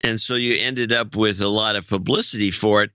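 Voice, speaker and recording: A man's voice: on the low side, fairly even intonation, brisk, bright, forceful tone, clean tone, dry recording, highs cut off. A man co-hosting a podcast in casual chat, talking conversationally and drifting into tangents. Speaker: podcast co-host.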